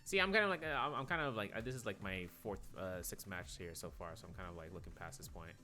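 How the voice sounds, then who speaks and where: A man commentating an esports match play by play, rattling off quick calls and drifting into rambling asides full of fillers. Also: deep voice, sharp tone, soft background music.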